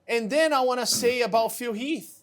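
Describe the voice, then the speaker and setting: High-voiced enthusiastic male host. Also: normal speed. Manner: enthusiastic, repeats words for emphasis. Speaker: show host. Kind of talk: casual interview chat.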